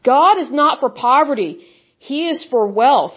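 A woman's voice: high voice, animated, unhurried, muffled recording. A woman delivering an impassioned sermon, blunt and scornful, mocking the views she rejects. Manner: blunt, scornful, mocks opponents in put-on voices. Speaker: preacher. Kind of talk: impassioned religious monologue.

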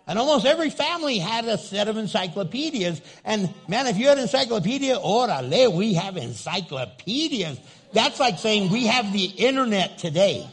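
Animated pastor, high husky voice. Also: male voice, moderate pace. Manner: animated, humorous, acts out voices in quotes. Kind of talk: sermon.

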